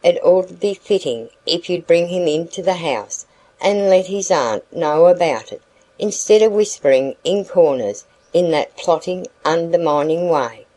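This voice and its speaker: A woman's voice: on the low side, animated, a little slow, mellow, poor audio. A woman voicing a severe, suspicious older wife who scolds in a prim way, in an audiobook reading. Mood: scolding.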